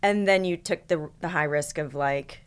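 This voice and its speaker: A woman's voice: low-pitched, moderate pace, clean tone. A woman host in a casual interview, supportive, chiming in and recapping her friend's story.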